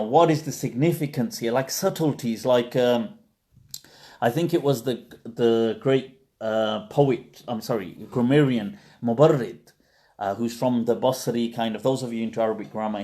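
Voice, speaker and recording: Mellow-voiced man explaining casually. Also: mid-range voice. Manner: conversational, full of fillers and restarts. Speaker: Islamic scholar answering questions. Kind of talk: live Q&A explanation. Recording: livestream.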